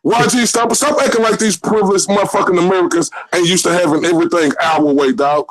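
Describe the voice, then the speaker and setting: A man's voice: sits high, steady tone, fast, rough recording. A man arguing hard on a livestream panel, insistent and full of profanity. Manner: profane, insistent, talks over others. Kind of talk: heated debate on a livestream.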